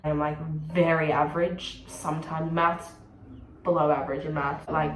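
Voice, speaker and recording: A woman's voice: deep voice, little pitch movement. A young woman with an Australian accent, chatting frankly and rambling to camera in a vlog. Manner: rambling, frank and sweary, shifts into quick put-on voices. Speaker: vlogger. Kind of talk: casual chat to camera. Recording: echoey room with faint background noise.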